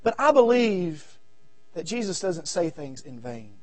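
A man with a very high-pitched voice and a Southern American accent preaches at a revival service. He swings from shouted appeals down to low, quiet asides, and he repeats his phrases as he builds. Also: very animated, unhurried. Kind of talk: revival sermon. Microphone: audio recording of a church service.

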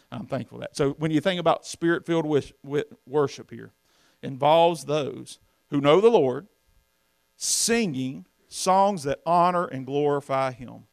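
A man's voice: mid-range voice, vocal fry, a little mellow, no echo. A man preaching from the pulpit, folksy and emphatic, often asking the congregation questions. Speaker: pastor. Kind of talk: sermon.

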